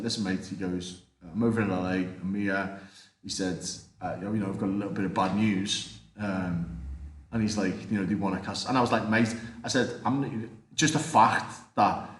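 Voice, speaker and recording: A man, a martial artist and actor, telling animated anecdotes as an interview guest. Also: on the low side, brisk. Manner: animated anecdotes, acts out quoted voices. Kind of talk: casual interview storytelling. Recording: roomy echo.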